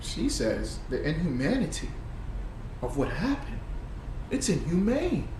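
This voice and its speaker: A man giving animated, preachy and profane reaction commentary on played clips, laughing often. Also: a little high, measured pace. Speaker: online commentator. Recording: echoey room, far from the mic, faint noise.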